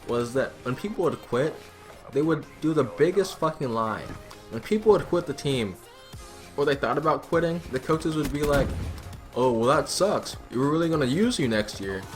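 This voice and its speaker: A teenage gaming host telling a school story over gameplay in a chatty, profane, laughing way. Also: male voice, mid-range voice. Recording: music playing behind the voice. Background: background music.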